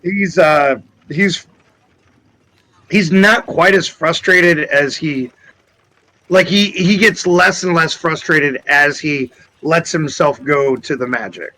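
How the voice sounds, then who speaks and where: High bright guy at a tabletop game, swears a lot, jumps in and out of character. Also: slow pace, low-quality recording. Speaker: player. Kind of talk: tabletop role-play banter.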